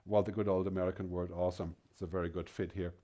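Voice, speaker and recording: Low, mellow-voiced male keynote speaker. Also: little pitch movement, racing. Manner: emphatic, rhetorical questions, frequent tag "right?". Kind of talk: conference keynote speech.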